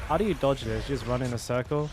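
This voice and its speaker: A man's voice: mid-range voice, fast, noisy background. A young man chatting casually while streaming a game. He rambles, restarts his sentences and swears easily, with a faint game soundtrack behind him. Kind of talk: casual live-stream commentary.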